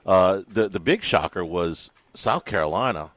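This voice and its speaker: A man's voice: low voice, expressive, normal speed, fairly bright tone, no echo. A man co-hosting a sports radio show, talking casually with hesitations and running through game results. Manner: hesitant, many fillers, rattles off scores. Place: radio studio.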